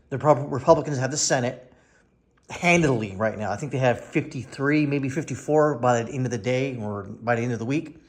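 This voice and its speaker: A man in his forties giving sarcastic casual political commentary, mocking others in whiny voices. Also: a little high.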